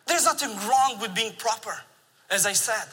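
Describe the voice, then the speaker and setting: Bright-voiced man preaching in a hall. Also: very high-pitched, normal speed, slightly rough. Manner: animated storytelling with laughs. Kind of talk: sermon. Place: large church sanctuary. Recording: long reverb of a large church hall.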